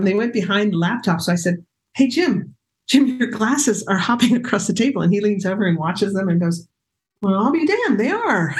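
A woman's voice: low voice, darkish tone. A middle-aged woman, a guest in an interview, telling stories in a loose, rambling way with many fillers and restarts. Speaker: guest, remote viewer. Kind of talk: conversational storytelling.

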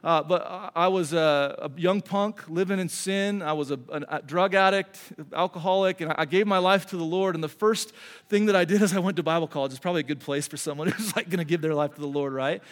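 A middle-aged pastor preaches a sermon in a large hall, his voice fairly high and his delivery fast. He sounds earnest and conversational, often starting his sentences over.

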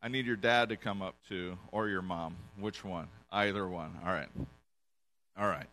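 Low-voiced pastor with a bright edge. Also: male voice, moderate pace, slight background noise. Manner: relaxed, joking, with frequent restarts. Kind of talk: casual sermon with audience volunteers. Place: church in front of a congregation.

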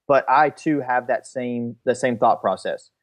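An earnest man co-hosting a casual podcast chat, reflecting out loud on his thoughts. His voice sits at an ordinary middle pitch. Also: measured pace. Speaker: podcast co-host.

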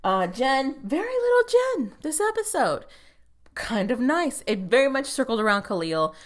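A woman's voice: high voice, sing-song, moderate pace. A woman giving a casual recap of a TV episode, talking bluntly, swearing freely and laughing as she retells scenes. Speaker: TV show recap host.

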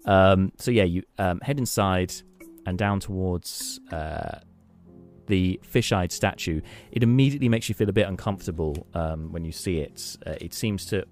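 Deep-voiced man running a tabletop game. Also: darkish tone. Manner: casual, hesitant, with many fillers. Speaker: game master.

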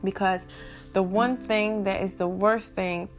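A young woman talks openly and plainly to her audience in a casual vlog, her voice in an ordinary middle register. She keeps breaking off for hiccups. A soft guitar plays faintly behind her. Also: medium pitch, fairly even intonation, a little slow. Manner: candid, talks straight to viewers. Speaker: vlogger. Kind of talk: casual talk to camera.

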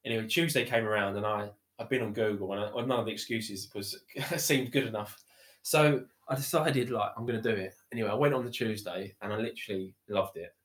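A man tells his story as a podcast guest. He rambles warmly, leaning on "you know" and "literally", and restarts his sentences often. The room around him gives his voice a noticeable echo. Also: lowish voice, fairly quick. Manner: chatty, repeats himself, many fillers like "you know" and "literally". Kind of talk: casual conversational storytelling. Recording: roomy echo.

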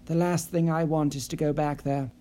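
Fretful, pleading office man, voiced by a male narrator, slightly high and mellow. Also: little pitch movement, moderate pace, natural voice. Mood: anxious. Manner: anxious, pleading and apologetic. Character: nervous, fretful middle-aged office man. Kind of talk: audiobook character voice.

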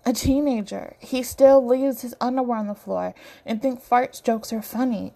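A woman's voice: on the high side, warm tone. Woman reading a story aloud. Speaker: narrator. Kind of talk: storybook narration.

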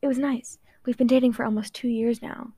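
A woman voicing a calm, gentle young gay male vampire, putting on a wobbly British accent and stumbling over the words as she reads. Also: a little high, breathy edge, no room sound. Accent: put-on British. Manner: halting, stumbling reading.

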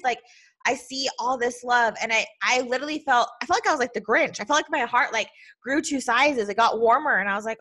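Woman podcast host, casual storytelling, emotional and heartfelt, lots of fillers, somewhat high pitch. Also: quick pace, sharp tone.

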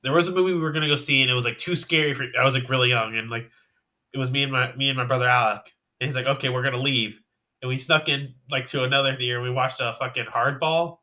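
A young man speaks fast in a bright voice. His speech is full of fillers and restarts. He sounds like someone chatting casually with a friend. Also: mid-range voice, fairly even intonation. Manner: quick, filler-heavy casual talk. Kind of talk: casual chat.

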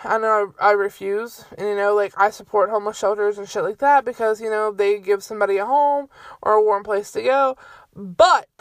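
This young woman, sole host of her podcast, speaks a little fast in a mid-range voice with fairly even intonation and no echo. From her bedroom at home she delivers a casual rant that is heated, exasperated, and full of profanity.

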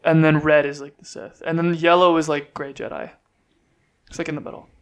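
A man's voice: fairly high pitch, little pitch movement, brisk, smooth. A young man co-hosting a casual podcast chat, joking, swearing freely and laughing often. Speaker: podcast co-host.

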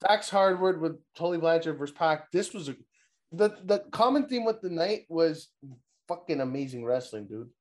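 A man's voice: a little high, animated, normal speed. A young man co-hosting a casual wrestling recap chat, rambling and swearing, laughing often and mimicking wrestlers. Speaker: podcast co-host.

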